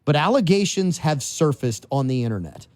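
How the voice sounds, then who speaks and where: A New Orleans man in his forties hosts a laid-back political talk radio show, musing aloud through rhetorical questions. His voice sits on the high side with a sing-song lilt at normal speed, captured on a studio mic with no echo.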